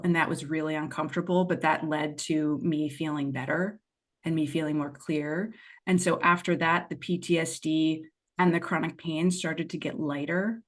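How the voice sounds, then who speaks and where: A woman with a lowish voice, talking as a podcast guest about her own experiences. She tells it candidly and expressively, drifting into asides and acting out what she said to herself. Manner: expressive, digressive storyteller who acts out her past self. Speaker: podcast guest, money mindset and tapping coach. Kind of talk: candid conversational storytelling.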